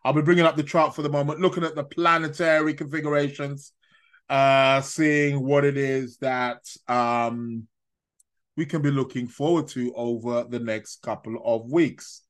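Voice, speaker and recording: A man's voice: mid-range voice, steady tone, moderate pace, a bit bright. A man hosting a casual live stream, rambling, stammering through restarts and chuckling at his own remarks. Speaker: astrology live-stream host.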